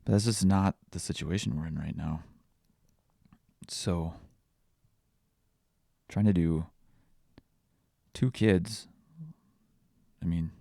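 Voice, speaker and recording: A man's voice: deep voice, creaky, dark tone, dry recording, studio quality. A young man hosting a podcast, telling candid, self-deprecating stories in a confessional, casual way. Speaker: podcast host. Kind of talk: casual personal podcast talk.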